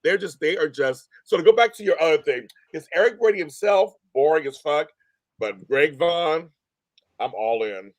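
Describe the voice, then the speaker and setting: A man gushes in casual chat, swearing freely. His voice sits high and swings widely in pitch. The recording is dry, with no room sound. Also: normal speed, no echo. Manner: gushing, animated and profane. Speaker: interviewer.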